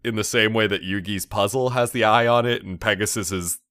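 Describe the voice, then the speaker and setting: A man's voice: on the low side, steady tone, moderate pace, sharp tone, smooth, no room sound, clean studio sound. A man co-hosting a podcast, casually recapping an anime episode with rambling asides and many fillers. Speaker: podcast co-host.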